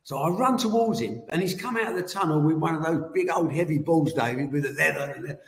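A man in his seventies, a guest telling animated anecdotes and laughing through them. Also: a little high, quick pace, vocal fry. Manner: animated, laughs as he tells the story. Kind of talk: anecdotal storytelling. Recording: roomy echoey room.

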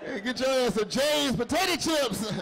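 Onstage at a comedy club, a middle-aged man tells stories in a very high, raised voice with vocal fry, acting out the dialogue at a moderate pace. Audience laughter and slight crowd noise come through the live recording.

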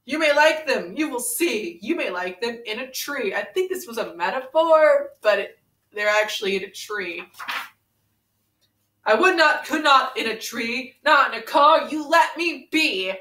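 Brash, pun-loving young brawler, played by a woman in a comedic fan parody, teasing and impatient, slipping into a sing-song storybook voice. The voice sits a bit high and sounds bright and forceful. It is recorded in a roomy space from a mic set well back. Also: lively intonation, a little slow, full character voice. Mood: playful. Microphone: camera mic set far away. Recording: roomy room, mic far away.

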